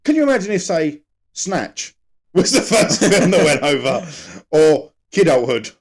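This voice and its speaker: A man's voice: fairly high pitch, sing-song, measured pace. Rambling man, casual podcast chat. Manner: rambling, jokey, tries silly accents. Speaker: podcast co-host.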